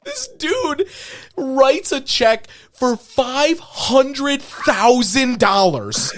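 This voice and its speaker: A man on a podcast, recapping a movie in casual chat, laughing often and acting out lines in quick voices. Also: very high-pitched, very animated. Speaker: podcast co-host.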